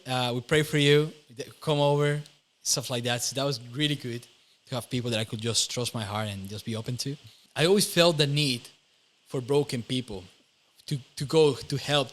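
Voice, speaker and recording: In an interview, a young Costa Rican man shares his personal testimony in a Costa Rican Spanish accent. His voice is medium-pitched and a bit bright. He's earnest, laughs often, and corrects himself mid-sentence.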